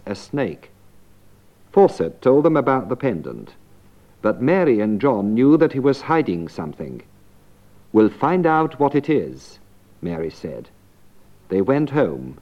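A man narrates a language lesson in clear, measured tones, his pitch moving in lively swings. The sound is dull and lo-fi, like an old course tape. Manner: clear, measured teacher delivery. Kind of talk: scripted narration and explanation.

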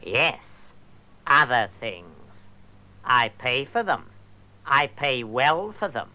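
Cagey bookseller, very slow and sharp-toned, hints and quiet threats. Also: male voice, medium pitch, sing-song, full character voice. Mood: veiled, insistent. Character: secretive pushy middle-aged male bookseller. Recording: dull lo-fi old tape.

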